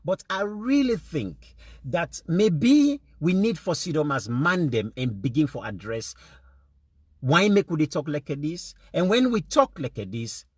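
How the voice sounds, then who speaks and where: A man's voice: on the high side, sing-song, unhurried, breathy edge, dry recording. A man with a Sierra Leonean accent giving an indignant, impassioned monologue, mixing English with Krio phrasing and repeating words for emphasis. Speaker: speaker addressing fellow men.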